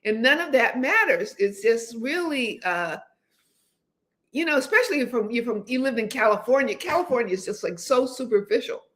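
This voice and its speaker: A woman's voice: a little high, animated, moderate pace, fairly bright tone. A woman in her seventies, hosting a casual livestream chat, rambling along with many restarts and hesitations. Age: 70s. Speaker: host.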